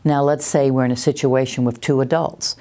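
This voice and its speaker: A woman, a parenting educator giving a calm, reassuring talk that answers questions and acts out little scenes. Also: a bass voice, brisk. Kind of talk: teaching talk, Q&A.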